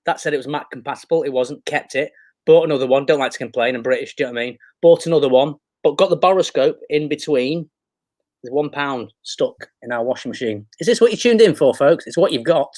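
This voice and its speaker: A man's voice: medium pitch, fast, a little mellow, dry recording. Self-mocking man with a Manchester accent. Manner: self-deprecating, rambling anecdotes. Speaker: guest, actor. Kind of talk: casual chat.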